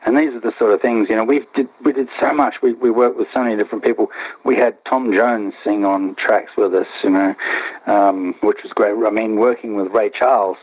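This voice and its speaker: A man's voice: on the low side, steady tone, brisk, no room sound. A man being interviewed about his band, rambling with lots of restarts and "you know"s. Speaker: band member, interview guest. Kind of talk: remote interview, casual recollection. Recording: dry, tinny phone-line sound.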